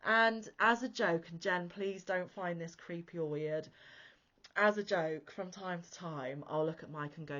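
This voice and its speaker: A woman hosting a crochet channel, chatting casually to camera in a gushy, excitable way. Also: on the low side, unhurried. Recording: dull lo-fi audio.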